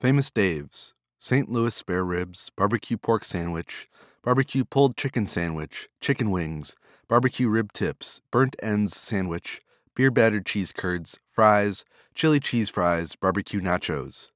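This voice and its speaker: A man with a very low voice reads a long list of vendors and dishes, item after item. His delivery is steady and flat. The sound is dry and close, with no room echo. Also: a little slow. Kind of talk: reading a list of food vendors.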